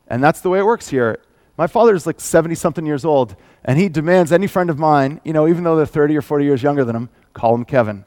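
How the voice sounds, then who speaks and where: A man's voice: on the high side, darkish tone, no echo. A man, preaching a sermon in a conversational, self-deprecating way. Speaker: pastor.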